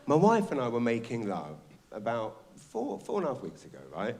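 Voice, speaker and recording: Animated stand-up comic man. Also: medium pitch, moderate pace, noisy background. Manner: animated, shouting bits, rambling restarts. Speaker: stand-up comedian. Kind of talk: stand-up comedy set. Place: theatre stage before a live audience.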